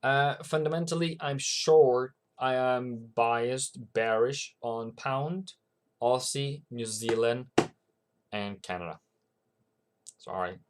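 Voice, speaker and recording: A man hosts a relaxed livestream about currency trading. He talks slowly and loosely, restarting his sentences and breaking off to greet viewers from the chat. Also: mid-range voice, slight background noise. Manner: rambling, reads viewer comments aloud, frequent restarts. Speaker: forex trading channel host. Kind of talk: casual livestream market commentary.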